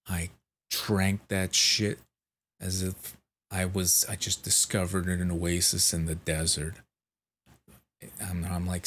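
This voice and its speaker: Male vlogger, unhurried delivery, blunt and foul-mouthed, recounting a bad experience straight to camera. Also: sits low. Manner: frank, heavily profane, exasperated retelling. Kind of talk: casual storytelling monologue.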